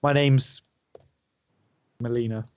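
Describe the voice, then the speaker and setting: A man's voice: medium pitch, steady tone, slow, darkish tone, dull audio, close to an everyday voice. A man voicing a humble widowed mother, hesitant and full of apologetic fillers. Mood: polite.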